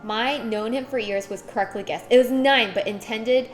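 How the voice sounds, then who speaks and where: Woman, live streamer, casual chat, giggly, playful little voices, highish pitch. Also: moderate pace, faint music behind. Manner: animated, giggly, acts out little voices while reading chat.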